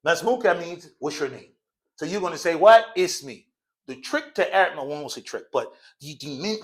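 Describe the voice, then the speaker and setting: Teaching Arabic in a mosque classroom, this man speaks in a slightly high voice with a fairly bright tone. He leads call-and-response drills, cracking jokes and laughing frequently in relaxed slang.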